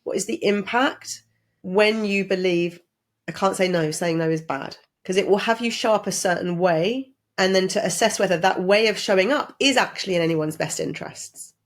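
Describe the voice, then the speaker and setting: Calm woman asking coaching questions. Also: mid-range voice.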